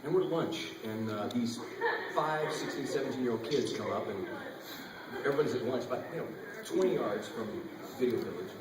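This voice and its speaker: A man telling a wild story on a convention panel, animated and profane. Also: medium pitch, fairly quick. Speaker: panel guest actor. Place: large convention hall. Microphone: audience camera far from stage. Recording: echoey hall recorded from far off with noise.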